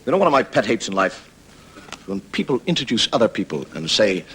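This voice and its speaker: A man's voice: lowish voice, sing-song, fairly quick, fairly bright tone, a little hiss or hum, low-quality recording. A man with an Irish accent hosting a comedy show, telling stories and jokes in a wry, conversational way. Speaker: comedian host. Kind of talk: stand-up storytelling monologue.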